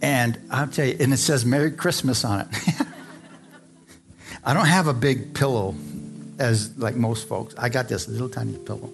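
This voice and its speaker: A man's voice: mid-range voice, a little slow, vocal fry, pauses often, soft background music. A man preaching a sermon who tells stories, acts out voices, reads scripture and asks the congregation questions.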